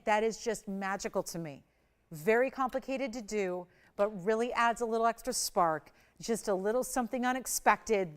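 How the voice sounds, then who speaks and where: Middle-aged woman selling jewelry on live tv, smooth clear voice, chatty and excited, talks right to the viewer. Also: a little high. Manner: enthusiastic, chatty, addresses viewers directly. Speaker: shopping channel jewelry host. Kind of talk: live TV jewelry sales pitch.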